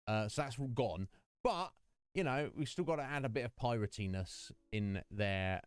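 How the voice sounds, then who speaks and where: A man's voice: medium pitch, lively intonation, moderate pace, clean tone, no room sound. A man hosting his game live stream, chatting in a rambling way and laughing often. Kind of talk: casual live-stream chat.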